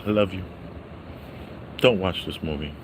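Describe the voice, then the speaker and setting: Reviewing a movie on a casual livestream, a low-voiced man greets viewers by name and loudly repeats his catchphrases at a measured pace. Background noise is present.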